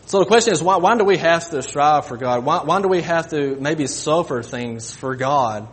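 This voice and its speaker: Folksy man preaching. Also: fairly high pitch. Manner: halting, repeats words, folksy. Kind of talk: sermon.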